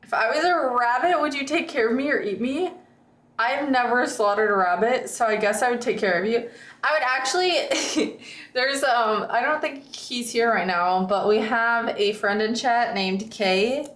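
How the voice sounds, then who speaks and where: A woman's voice: a little high, normal speed, a bit bright, roomy sound. A woman streamer in casual chat with viewers, rambling and reading chat aloud.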